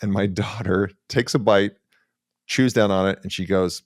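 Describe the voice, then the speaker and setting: A middle-aged man hosting an interview podcast, talking with excitement and lots of "like" and "you know". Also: low-pitched, normal speed, dry recording, clean studio sound. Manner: enthusiastic, filler-heavy, animated. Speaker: podcast host. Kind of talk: casual interview conversation.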